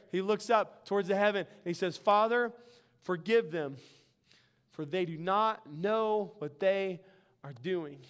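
A man's voice: high voice, fairly bright tone, clear, resonant tone. A middle-aged man, preaching a sermon in an earnest, conversational way and telling stories. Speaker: pastor.

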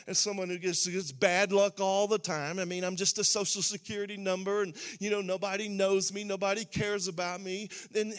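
A man's voice: sits high, a bit bright. A man preaching a sermon in a church, speaking emphatically and building to fervent exhortation.

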